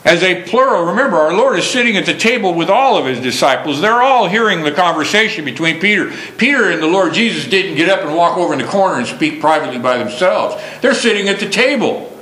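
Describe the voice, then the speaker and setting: A man preaching a sermon slowly and emphatically, stressing key words. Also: high-pitched, animated, sharp tone, reverberant, poor audio.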